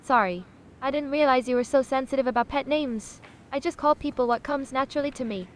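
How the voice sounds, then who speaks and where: High-pitched and fairly quick, this lightly acted woman's voice carries a little hiss or hum. As text-to-speech, it voices a self-important, sassy AI chatbot calling itself a sausage, talking down to people in a haughty, dramatic way and saying honey often.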